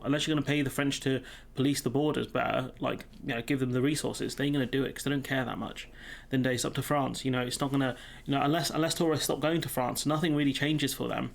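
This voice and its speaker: A man's voice: medium pitch, creaky. A man giving casual commentary on a news story, reading bits out and talking it through with lots of "you know" and "um". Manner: conversational, many fillers like "you know" and "um". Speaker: political commentator.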